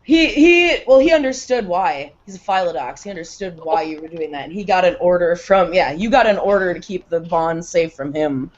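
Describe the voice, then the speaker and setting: A relaxed woman narrating a tabletop game as game master, heard on a dull lo-fi recording. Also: on the low side, normal speed, few pauses.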